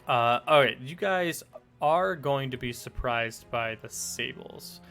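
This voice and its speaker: A man running a tabletop game as game master, narrating the scene in a relaxed way with frequent fillers. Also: medium pitch, takes it slowly, soft background music.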